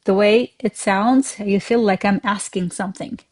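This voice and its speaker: A woman teaches a word-of-the-day language lesson, explaining slowly and carefully with repeated examples. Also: mid-range voice, fairly even intonation.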